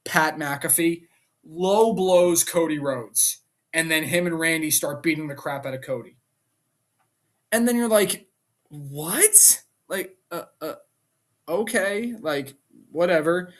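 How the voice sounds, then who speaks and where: A man reviewing a wrestling show in a casual vlog, ranting in an animated, exasperated way and firing off rhetorical questions. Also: on the high side, a little slow.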